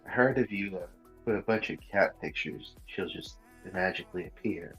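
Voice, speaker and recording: A man with a very deep, husky voice drops short, dry remarks into a casual chat. Faint music plays behind him. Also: normal speed, a bit bright, low-quality recording. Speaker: guest.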